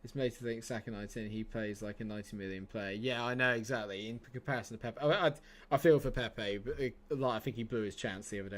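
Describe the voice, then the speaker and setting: A man streaming a football management game live, chatting excitedly and laughing often. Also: fairly low pitch, slight background noise. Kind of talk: casual live game commentary.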